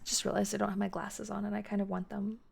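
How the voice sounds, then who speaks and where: An American woman chats loosely with her live-stream audience from home, rambling and laughing as she goes. Her voice sits in an ordinary middle range with a noticeable gravelly fry. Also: medium pitch, level tone, darkish tone. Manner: chatty and rambling, quick laughs, frequent restarts. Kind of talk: casual live-stream chat, answering chat.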